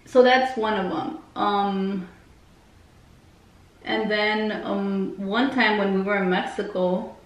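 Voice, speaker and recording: A beauty vlogger tells a story casually in a medium-pitched, steady, slow voice, rambling along with plenty of fillers and heavy swearing. The mic sits at a distance in a roomy space, with faint background noise.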